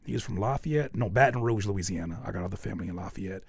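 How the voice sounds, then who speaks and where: A man hosting a music feedback stream in casual chat, jokey and repetitive, switching between loud outbursts and low mutters. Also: fast, creaky, breathy edge, dry recording. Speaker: host reviewing music submissions.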